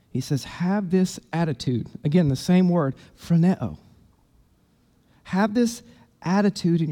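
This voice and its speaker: A man's voice: high-pitched, darkish tone, in a large hall. A man preaching a sermon as pastor, emphatic and conversational, in a church sanctuary.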